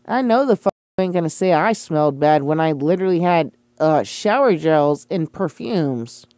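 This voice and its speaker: A woman's voice: deep voice, expressive, moderate pace, darkish tone, no room sound. A young woman ranting about accusations made against her, profane, defensive and sarcastic, with scoffing laughs. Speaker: streamer responding to accusations. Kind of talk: casual ranting monologue.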